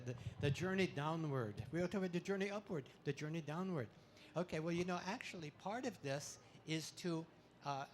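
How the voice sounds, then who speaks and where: High-voiced man cracking puns. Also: slight background noise. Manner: pun-filled deadpan jokes; leads audience in loud laughter exercises. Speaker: comedic spiritual speaker. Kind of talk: playful live talk with audience questions. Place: expo hall with audience. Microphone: handheld mic.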